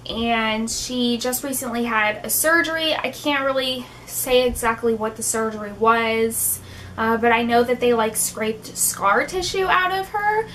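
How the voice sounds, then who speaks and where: A woman's voice: fairly high pitch, unhurried, fairly bright tone, slight background noise. A young woman vlogging in an emotional, heartfelt way, tearful at times, with many fillers like "um" and "like". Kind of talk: emotional personal vlog talk.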